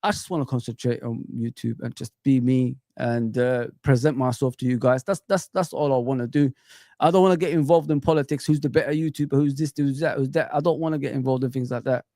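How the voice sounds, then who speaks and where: Gravelly, impassioned football fan streamer. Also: male voice, mid-range voice, steady tone, fairly quick, mellow, no echo, studio quality. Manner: passionate, repetitive, rhetorical questions; talks straight to viewers and chat. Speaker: football fan YouTuber hosting a live stream. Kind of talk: casual live-stream rant.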